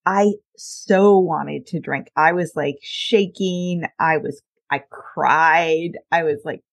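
A woman's voice: deep voice, takes it slowly. A middle-aged woman hosting a podcast, speaking candidly, telling personal stories and laughing often. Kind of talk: casual conversational interview.

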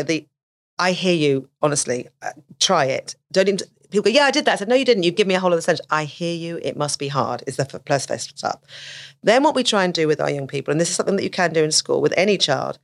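A middle-aged woman giving conversational advice as an autism specialist, often acting out what children and teachers say. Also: deep voice. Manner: animated, acts out quoted speech.

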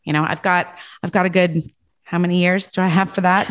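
A woman in her thirties talking as a podcast guest, earnest and explanatory, often tagging her points with a quick "right?". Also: lowish voice, level tone. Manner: earnest, tags statements with "right?". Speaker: podcast guest, leadership consultant. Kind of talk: casual podcast conversation.

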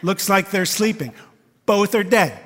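A pastor delivering a sermon to his church in a slightly higher-than-usual male voice. He talks conversationally and leans on emphasis, often checking in with the congregation through quick rhetorical questions. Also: fairly bright tone, in a large hall. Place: church service.

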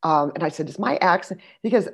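A middle-aged woman in casual conversation, an animated storyteller who laughs and restarts her sentences. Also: fairly low pitch, fast talker, vocal fry, slightly rough. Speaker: guest.

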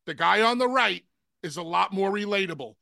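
A man co-hosting a wrestling talk show, who talks deliberately and slows down to spell out his points. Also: high voice, lively intonation, creaky, pushed and bright, no room sound, clean studio sound. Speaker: podcast co-host, wrestling analyst.

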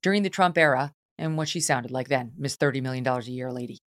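A woman hosting a casual panel chat, blunt, animated and teasing. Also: a bass voice, fast, dry recording, clean studio sound. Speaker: podcast host.

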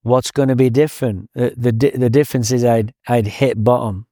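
A man's voice: medium pitch, fairly even intonation, a little fast, warm tone, no echo. Blunt Englishman with a dry sound. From England. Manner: blunt, candid, laughs at his own story. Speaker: guest. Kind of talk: storytelling interview.

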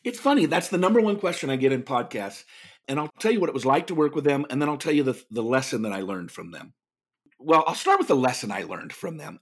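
Animated male speaker telling stories. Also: medium pitch, husky. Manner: animated, does lively impressions of others. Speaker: guest speaker. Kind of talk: podcast interview storytelling.

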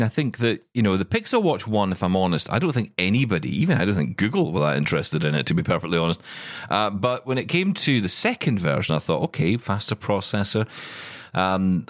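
A man co-hosting a casual tech chat podcast, jokey and animated, often restarting his sentences. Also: low-pitched, dry recording, clean studio sound.

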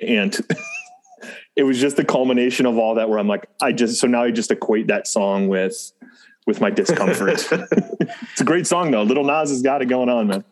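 A man's voice: medium pitch, normal speed. A middle-aged man in casual chat about parenting and music, rambling and restarting with frequent chuckles. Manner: rambling, self-interrupting, chuckles often.

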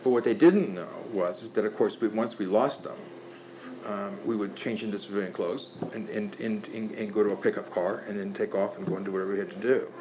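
An older man telling stories in casual talk, animated and profane, often restarting his sentences. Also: fairly low pitch, fairly quick, background noise. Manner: animated, profane, laughing storyteller with many restarts. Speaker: guest storyteller.

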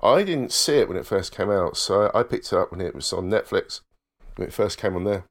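Enthusiastic low-voiced man chatting. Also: expressive, fairly quick. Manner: enthusiastic, lots of fillers. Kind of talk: casual chat.

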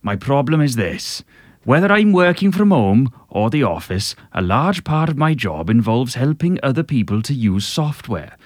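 A man putting on a Welsh accent as an impression of a singer, reading a letter in a slow, stately, overly polite way. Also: mid-range voice, very animated, no echo, studio quality. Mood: formal, pompous. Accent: Welsh, put on.

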